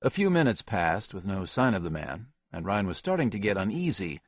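A man narrating an action novel as an audiobook in a steady, even reading. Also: low-pitched, a little fast, dry recording, studio quality. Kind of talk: scripted narration.

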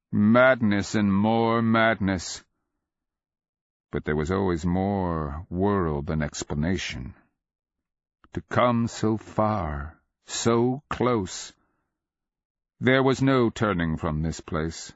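A man narrating a dark fantasy story in a measured, deliberate way. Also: lowish voice, expressive, no echo. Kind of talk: dramatic fantasy audiobook narration. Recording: dull lo-fi dry recording.

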